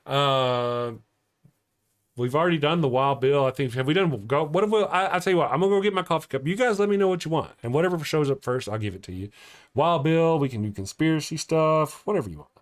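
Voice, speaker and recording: A man's voice: fairly high pitch, lively intonation, brisk. A middle-aged man hosting a casual morning livestream, rambling and chatty as he reads viewer comments aloud. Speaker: morning show livestream host.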